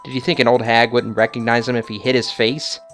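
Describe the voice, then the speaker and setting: A man's voice: medium pitch, level tone, fairly quick, fairly bright tone, faint music behind, lightly acted. A man voicing an old potion-selling hag woman in an old-time 1950s announcer manner. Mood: complaining.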